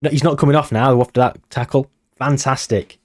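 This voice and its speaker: A man giving excitable, nervous live commentary on a game he is playing. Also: mid-range voice, fairly quick. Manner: excitable, nervous, reacting loudly to match moments. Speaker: gaming channel host.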